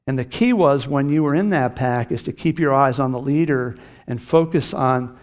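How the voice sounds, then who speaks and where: A man's voice: medium pitch, normal speed, darkish tone. A middle-aged man preaching a sermon as pastor, earnest and emphatic, lifting his voice on key phrases.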